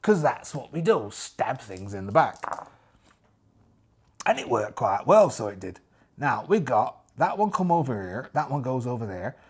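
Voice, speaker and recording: A man's voice: mid-range voice, sing-song, measured pace, slightly rough. A man narrating a solo tabletop game in character, chatty and jokey, talking to himself as he rolls dice. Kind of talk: in-character actual-play narration.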